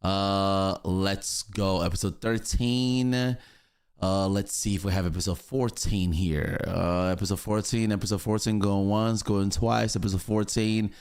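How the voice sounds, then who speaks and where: A man hosting a reaction video, talking casually in halting bits that trail off. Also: sits low, fairly even intonation, darkish tone, clear, resonant tone. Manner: halting, trailing off with restarts and chuckles.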